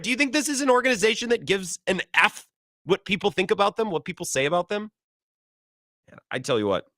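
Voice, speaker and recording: A man's voice: high voice, bright, forceful tone, dry recording, clean studio sound. A man hosting sports talk radio, ranting sarcastically about his team.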